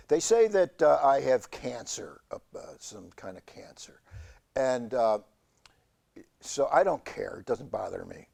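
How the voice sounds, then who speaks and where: A man hosting a community TV show, telling a rambling comic monologue in a halting deadpan way with many fillers. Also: medium pitch, vocal fry. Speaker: show host. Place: community TV studio.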